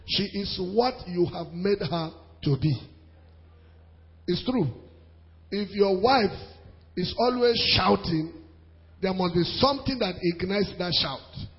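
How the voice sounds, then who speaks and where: Male preacher, animated sermon delivery, high voice, muffled sound with a long hall echo. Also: slow pace, pauses often. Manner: animated preaching with pidgin asides and laughter. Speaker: pastor. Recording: dull sound in a reverberant hall.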